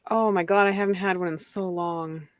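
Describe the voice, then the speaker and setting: A woman's voice: lowish voice, fairly even intonation, moderate pace, dry recording, dull audio. A woman co-hosting a casual chat, chiming in with short remarks and questions.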